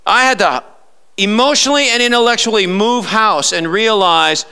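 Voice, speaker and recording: A man's voice: high-pitched, moderate pace, creaky, bright, forceful tone, smooth. A male pastor preaching a live sermon in church, emphatic and fond of sarcastic rhetorical questions.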